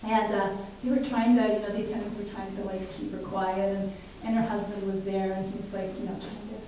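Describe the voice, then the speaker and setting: A woman casually telling a story from her work at a care home, chatty and halting with many fillers. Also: mid-range voice, level tone, dark tone. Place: live performance space. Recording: echoey, distant room recording with hiss.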